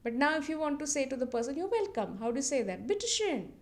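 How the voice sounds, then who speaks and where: A woman teaching a language lesson, saying each phrase slowly and repeating it word by word. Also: high-pitched, sing-song. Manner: repeats words syllable by syllable, drawn out. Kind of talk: slow, deliberate language lesson.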